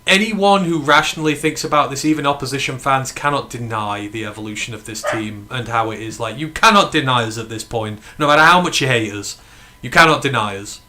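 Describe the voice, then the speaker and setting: A man from the UK hosting a live fan watch-along stream, talking in an excited, emphatic way and swearing freely. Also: mid-range voice, fairly quick. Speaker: fan podcast host.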